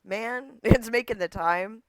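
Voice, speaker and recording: Animated, laughing man with a smooth, dry voice. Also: on the high side, a little fast, no echo. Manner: animated storyteller who laughs often and acts out quotes. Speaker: interview guest. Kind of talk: casual interview chat.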